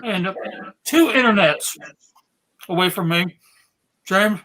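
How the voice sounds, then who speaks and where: A man hosts a panel over a video call, introducing his guests. He talks slowly and draws out his phrases in a playful way. His tone is bright and tense. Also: high voice. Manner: slow, playful, drawn-out phrasing. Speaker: panel host. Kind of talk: casual video panel chat.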